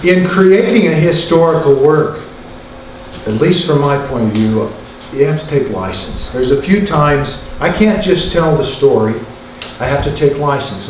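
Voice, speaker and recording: A man's voice: mid-range voice, a little mellow. A man speaks to an audience as a filmmaker, telling stories in a loose, joking way. His voice sits in an ordinary middle range. The mic is far from him in a very echoey hall with faint room noise. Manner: chatty, jokey storytelling with asides to the audience. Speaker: filmmaker giving a talk. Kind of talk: storytelling talk to an audience.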